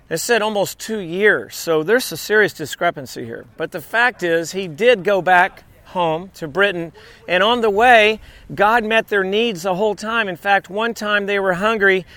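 A man's voice: high-pitched, bright, forceful tone, no echo. A man preaching a sermon in a conversational way, with asides and restarts. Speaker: pastor.

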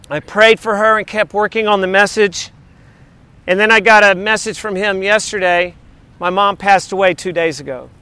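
A middle-aged man preaching with a high, clear, smooth voice and a lively delivery that now and then slips into singing worship lyrics. The sound is dry and close to the mic, with faint vehicle noise underneath. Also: no echo. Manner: animated, sings along and speaks lyrics. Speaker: pastor. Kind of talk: sermon with sung worship lyrics.

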